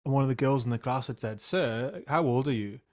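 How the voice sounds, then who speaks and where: A man's voice: mid-range voice, fairly quick, a little mellow. A man in his thirties, a podcast host and teacher, telling self-mocking stories in casual chat. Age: 30s. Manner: self-mocking anecdotes, laughs often.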